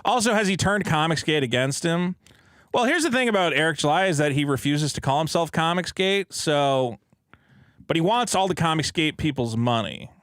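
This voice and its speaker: Brief: male podcast co-host from Massachusetts, chatty and wry, lively pitch, dry close mic. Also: moderate pace, dry recording. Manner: chatty, laughs easily, wry. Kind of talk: casual chat, reading viewer messages.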